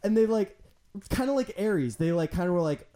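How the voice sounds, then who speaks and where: A man chatting casually as a podcast co-host, animated, swearing freely and acting out quotes. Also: high-pitched, fairly quick. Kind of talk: casual chat.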